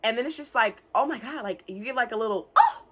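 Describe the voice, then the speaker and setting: A young woman casually recapping an animated film, talking fast and loose with lots of filler words and swearing. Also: on the high side, slight background noise. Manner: chatty, profane, many "like" fillers; quick bursts of mock-singing and silly character voices. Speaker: movie reviewer.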